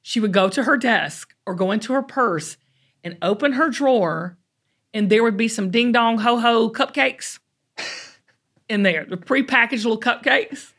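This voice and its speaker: With a fairly bright voice on the high side, a middle-aged talk show host from the American South swaps folksy stories in a chatty, casual way, stretching out words for emphasis.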